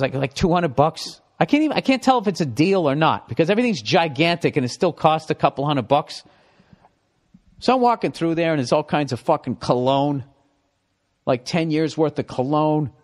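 A middle-aged man with a Boston accent, hosting a podcast with a profane, animated comedic ramble. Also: on the high side. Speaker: podcast host.

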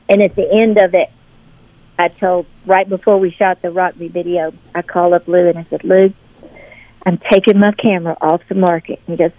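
Brief: woman from Memphis, interview guest, lively anecdotes with voiced-out quotes, dry tinny phone-line sound. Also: medium pitch, no room sound. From Memphis, Tennessee. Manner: animated, acts out quoted voices in her stories. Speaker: interview guest, singer-songwriter. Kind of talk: casual storytelling interview.

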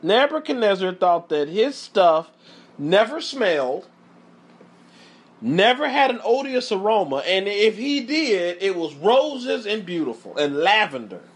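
Preaching a sermon, this man speaks in a high, sing-song voice with a slight roughness. He is emphatic and repetitive, frequently stopping to urge his listeners to watch closely.

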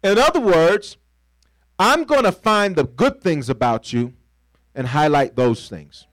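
A man's voice: a little high, animated, unhurried, a bit bright, dry recording, low-quality recording. Man preaching with call-and-response. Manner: call-and-response preaching, asks the congregation to fill in words; conversational, playful, acts out little scenes. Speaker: pastor. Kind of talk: sermon.

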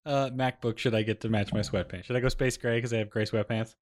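A man co-hosting a casual podcast, offering wry, deadpan jokes and questions. His pitch sits at an ordinary middle level. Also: fast talker. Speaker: podcast co-host. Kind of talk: casual chat.

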